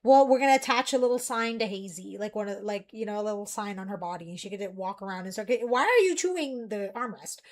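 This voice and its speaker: A young woman streamer chatting casually and ranting in a rambling, animated way. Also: medium pitch, fast, hardly any pauses.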